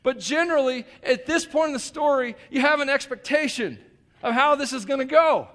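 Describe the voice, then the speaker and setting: A man's voice: very high-pitched, brisk, a bit bright. A male pastor preaching a sermon in a conversational way, with joking asides and emphatic repetition.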